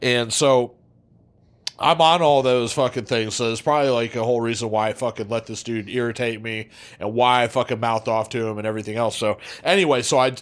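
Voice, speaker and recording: A man's voice: medium pitch, brisk. A man telling a story from his own past on a podcast, casual and heavy on swearing. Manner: profane, animated, swears constantly. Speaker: podcast co-host.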